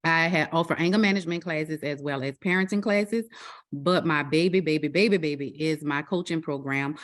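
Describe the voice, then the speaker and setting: A woman in her forties with a New Orleans accent, a life coach introducing herself to a group, warm and emphatic, repeating words for stress. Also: low voice, a little fast. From New Orleans, Louisiana. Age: 40s. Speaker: life coach and business founder. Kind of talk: self-introduction in a group call.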